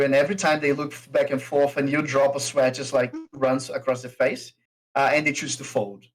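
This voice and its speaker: With poor audio quality, a medium-pitched man narrates flatly as game master of a tabletop game. His narration is slow and unhurried, thick with "uh" and "um" fillers.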